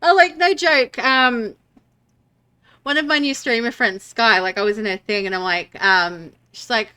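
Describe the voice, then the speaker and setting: A woman's voice: fairly high pitch, normal speed, pushed and bright, smooth. A woman streaming a game, chatting casually and rambling with many fillers and restarts. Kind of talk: casual gameplay chat.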